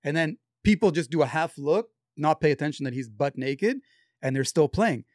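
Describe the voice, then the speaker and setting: A man's voice: a little high, lively intonation, moderate pace, a little mellow, dry recording, clean studio sound. A man telling stories to friends in casual chat, swearing often and talking animatedly. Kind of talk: casual storytelling among friends.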